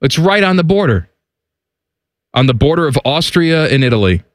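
A man's voice: on the high side, very animated, normal speed, no room sound, studio quality. A man hosting a sports talk radio show, joking and teasing his co-hosts in casual banter.

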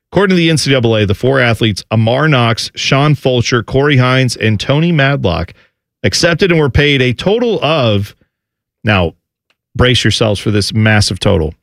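A man's voice: medium pitch, no echo. Male host from New Jersey, conversational storyteller, dead-dry booth sound. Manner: animated storytelling, imitates relatives. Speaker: podcast host. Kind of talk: casual chat and news rundown.

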